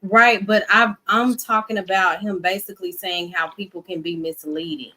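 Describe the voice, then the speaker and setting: A woman's voice: mid-range voice, fairly even intonation, moderate pace, pushed and bright, rough recording. A woman in a casual discussion, agreeing and then asking probing follow-up questions. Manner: probing, affirming.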